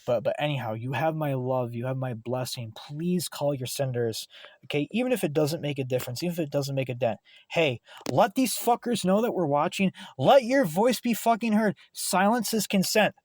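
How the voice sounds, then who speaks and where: An American man on his channel delivers a fired-up, profanity-laced sermon of a rant, jumping from loud shouts to low, grumbling asides. His voice sits a bit high for a man. The sound is close and dry, with almost no room echo. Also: moderate pace. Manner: profane, preachy, swings between shouting and muttering. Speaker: channel host. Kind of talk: impassioned political rant.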